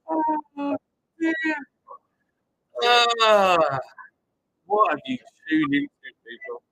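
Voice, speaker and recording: A man's voice: very high-pitched, huge pitch swings, takes it slowly, vocal fry, long pauses, pushed and bright, faint music behind, low-quality recording. A man co-hosting a live stream, reading viewer comments aloud and joking around in casual banter. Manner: laughing, jokey banter.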